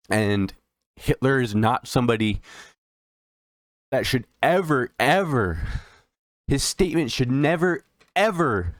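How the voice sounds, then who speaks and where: A man hosting a solo political commentary show, talking in an indignant, halting way with many restarts and repeated words, and audibly emotional, close to tears. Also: medium pitch, dry recording.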